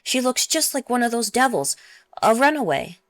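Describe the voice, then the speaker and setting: A man's voice: very high voice, big pitch swings, normal speed, fairly bright tone, dry recording, voice pushed up, full character voice. A woman voicing a petty young male soldier who stutters, whines and spits out insults. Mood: whining. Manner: stuttering, pleading, spiteful.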